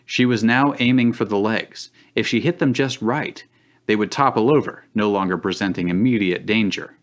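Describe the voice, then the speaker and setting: A man's voice: lowish voice, normal speed. A man reading fan fiction aloud for laughs on a live stream, often breaking into chuckles.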